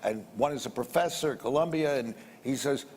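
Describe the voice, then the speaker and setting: A man's voice: mid-range voice, a little fast, a little mellow. An older man telling a business story in a blunt, rambling way, repeating words and swearing a little. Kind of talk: anecdotal storytelling. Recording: roomy reverb with faint background noise.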